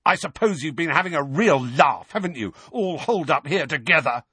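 A frustrated teenage boy wizard, read by a man who fires off sharp, sarcastic demands. The husky voice swings widely. It is heard dry and close. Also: a little high, lively intonation, fairly quick, no echo, pitched above the performer's own voice, heavily acted. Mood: demanding. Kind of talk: audiobook character voice.

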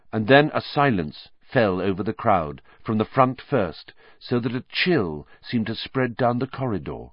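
A man narrating a storybook in an expressive, lively reading, on a dull lo-fi audiobook recording. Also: on the low side, a little slow, no echo.

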